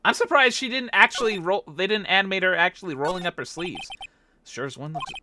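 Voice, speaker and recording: A woman's voice: fairly low pitch, a little fast, noisy background. A woman streamer making joking, giggly asides while playing a game. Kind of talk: let's play commentary.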